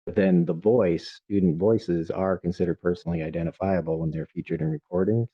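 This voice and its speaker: A man on a panel discussing education privacy law, careful and measured, with frequent ums. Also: low-pitched, fairly even intonation, breathy edge, no echo, highs cut off.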